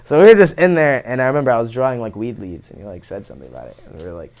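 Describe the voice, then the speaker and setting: Young man, podcast guest, casual slangy talk, swears a lot, animated retellings, middle-pitched voice. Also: rapid-fire. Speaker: guest musician. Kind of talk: casual interview chat.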